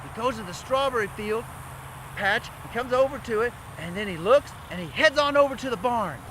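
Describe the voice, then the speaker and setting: A man narrating a children's story, talking straight to the kids in an animated way. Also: very high-pitched, fairly quick, a little hiss or hum, poor audio. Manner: animated, addresses kids directly.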